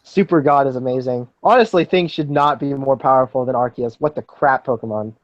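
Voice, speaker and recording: A man's voice: mid-range voice, fairly quick, no echo, dull audio. A young man hosting a casual group chat over a voice call, joking and sarcastic, rambling on. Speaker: podcast host.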